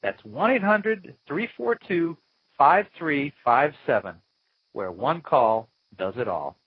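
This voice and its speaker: A man's voice: a little high, sing-song, slow, husky, dry recording, narrow, tinny audio. A man hosting his own interview podcast, talking in a playful, chatty way with mock-dramatic asides. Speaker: podcast host. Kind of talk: chatty interview-show host intro. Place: small home studio, Florida.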